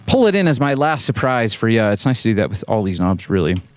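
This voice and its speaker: A man's voice: fairly low pitch, very animated, fast talker, very noisy. A man hosting a hands-on synth demo, talking casually in a playful, joking way with rambling asides. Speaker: host and synth musician.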